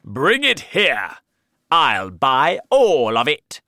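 A man voicing a vain, cruel king who shouts slow, loud commands in a told story. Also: a little high, wildly swooping pitch, no echo, voice pushed up, exaggerated voice. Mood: angry.

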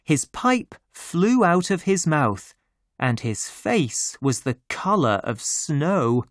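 A man reading a children's story aloud in a clear, expressive way. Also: on the high side, slow, no room sound, clean studio sound. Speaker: narrator.

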